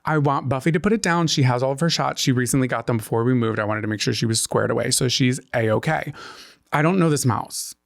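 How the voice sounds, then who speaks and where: Gravelly, animated male podcast co-host. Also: mid-range voice, quick pace, dry recording, clean studio sound. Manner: animated storytelling, rising to squeals when excited. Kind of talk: casual podcast chat.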